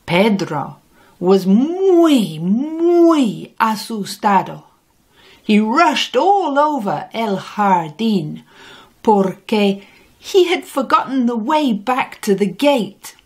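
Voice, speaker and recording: A woman narrating a children's storybook in a gentle, expressive read-aloud manner, dropping Spanish words into English sentences. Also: medium pitch, slow, slightly rough. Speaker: audiobook narrator.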